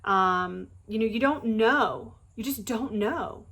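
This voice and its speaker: A woman's voice: a little high, takes it slowly, fairly bright tone, husky. A woman, talking earnestly and conversationally to her viewers about faith after pregnancy loss, with many fillers and restarts. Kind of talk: heartfelt direct-to-camera talk.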